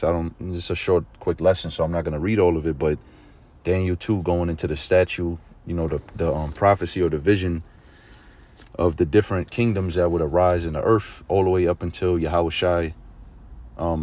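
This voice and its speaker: Deep-voiced man preaching a casual lesson. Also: fairly quick. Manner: conversational, keeps checking in with the listener; grows excited and emphatic at points. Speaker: religious teacher.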